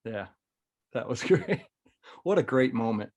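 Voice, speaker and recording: A man's voice: medium pitch, expressive, measured pace, a little mellow. A middle-aged man, a band's drummer, telling road stories with playful, self-mocking humor. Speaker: band drummer, podcast guest. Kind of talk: casual storytelling chat.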